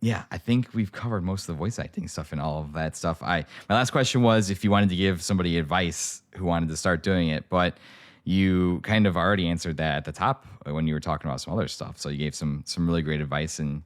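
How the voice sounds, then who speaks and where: A man's voice: low voice, brisk, no echo, clean studio sound. A young man hosting a podcast, chatting casually and telling stories with lots of fillers. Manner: animated storytelling, many fillers. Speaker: podcast host. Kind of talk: casual interview chat.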